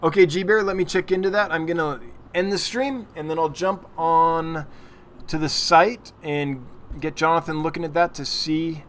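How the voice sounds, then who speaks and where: A man hosts a casual weekly livestream from home, reading viewer questions and chatting in an easy way. His voice sits a little high for a man. A faint hiss runs under the desk-mic recording. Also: steady tone, moderate pace, fairly bright tone. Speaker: livestream host.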